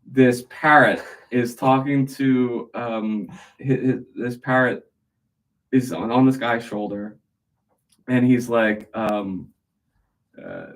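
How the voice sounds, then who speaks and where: A man's voice: medium pitch, takes it slowly, rough recording. A tired man hosting a livestream, rambling through jokes with many restarts. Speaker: livestream host. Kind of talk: casual joke telling.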